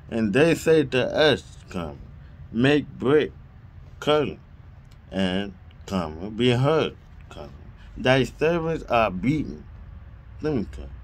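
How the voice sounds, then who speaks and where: A man reading scripture aloud verse by verse, speaking each punctuation mark aloud and sometimes restarting a phrase. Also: mid-range voice. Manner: reads punctuation marks aloud, deliberate; occasional stumbles and restarts. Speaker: Bible reader.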